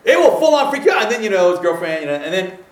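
Man, casual storytelling, rambling, animated, high-pitched, roomy echo. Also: recorded from a distance. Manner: rambling, animated, laughs often, quick voice switches for quotes.

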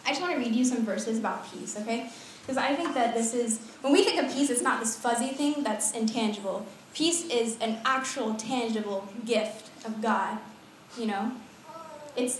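A young woman delivers a relaxed, lively sermon full of chatty asides and frequent laughter. Her voice sits a little high and comes from some distance away, through the booming echo of a large hall. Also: moderate pace, a little hiss or hum. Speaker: preacher. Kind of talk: casual sermon. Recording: echoey hall, voice from far off.

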